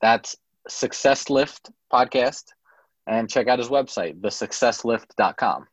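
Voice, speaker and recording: A man from Staten Island co-hosting a podcast, trading quick, joking banter. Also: mid-range voice, dull audio. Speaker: podcast co-host. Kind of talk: casual podcast chat.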